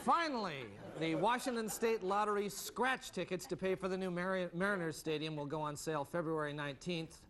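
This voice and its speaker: Brief: man, mock news anchor, slightly high voice, dry delivery, noisy studio crowd. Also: brisk, hardly any pauses. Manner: dry, deadpan joke delivery. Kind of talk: deadpan mock newscast. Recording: live studio audience, loud laughter and noise.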